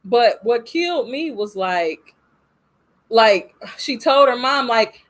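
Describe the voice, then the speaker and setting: Animated woman reviewing a movie. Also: a little high, slow pace. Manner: animated, acts out scenes in quoted voices. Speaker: podcast co-host. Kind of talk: casual movie review chat.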